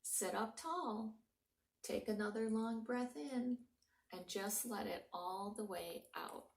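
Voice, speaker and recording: A woman leads small children through slow breathing exercises, soft and encouraging, now and then dropping to a whisper. She speaks slowly and calmly. She is heard from a little way off in a roomy, echoing room. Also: medium pitch, gravelly. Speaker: children's librarian leading a mindfulness story time. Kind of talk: gentle guided breathing lesson for young children. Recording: roomy home recording from a distance.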